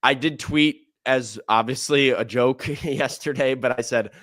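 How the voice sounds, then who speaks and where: A man hosting a sports podcast, talking casually and excitedly, with frequent restarts. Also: medium pitch, unhurried, dry recording. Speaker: podcast host.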